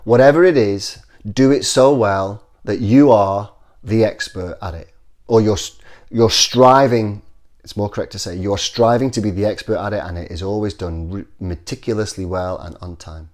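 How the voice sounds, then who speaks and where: A man's voice: fairly low pitch, normal speed, darkish tone. A middle-aged man hosting a self-development video, talking casually and earnestly to camera, often repeating himself and acting out short sample conversations. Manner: earnest, repeats phrases, acts out example dialogue.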